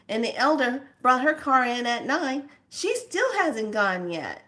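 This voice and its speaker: Hosting her spiritual vlog, a woman tells exasperated stories in a chatty way, breaking into laughter often. She speaks at a measured pace in a fairly high, expressive voice with a sharp tone.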